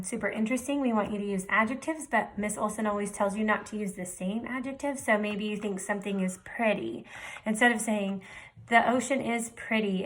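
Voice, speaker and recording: A woman teacher giving a remote reading lesson to young children, patiently sounding out letters and praising her students. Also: on the high side.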